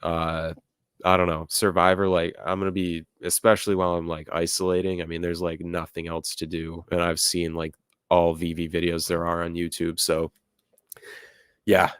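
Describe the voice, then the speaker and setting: A man's voice: sits low, completely flat delivery, normal speed, clean tone, dry recording, clean studio sound. A young man hosting a casual livestream, reading chat comments aloud and rambling with lots of fillers. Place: home room with music playing nearby.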